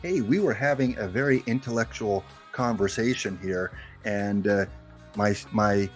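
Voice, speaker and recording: A man's voice: on the low side, unhurried, soft background music. A man streaming a game live, chatting and joking with his viewers. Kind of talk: casual live-stream chat.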